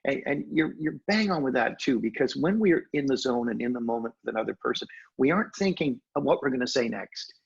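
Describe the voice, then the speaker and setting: An older man with a gravelly, husky voice tells stories as a podcast guest. His delivery is animated, with sudden lifts in pitch. The audio is dull and lo-fi. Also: quick pace. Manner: animated storyteller, expressive pitch jumps. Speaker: guest, hypnosis trainer. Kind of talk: storytelling in conversation.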